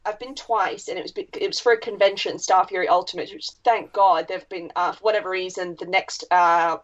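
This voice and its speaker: A woman's voice: on the low side, fairly even intonation, brisk. Wry Australian woman, blunt podcast chat. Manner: blunt, wry, swears casually. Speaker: podcast co-host. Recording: slightly dull, lo-fi sound.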